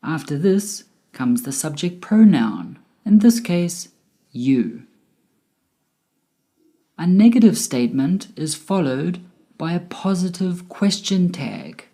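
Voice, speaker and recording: A woman with a low, mellow voice teaches a scripted grammar lesson. She speaks slowly and deliberately, and she stretches the rise and fall of her example sentences to show the intonation. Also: animated. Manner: slow, deliberate, with exaggerated rising and falling example intonation. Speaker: English teacher.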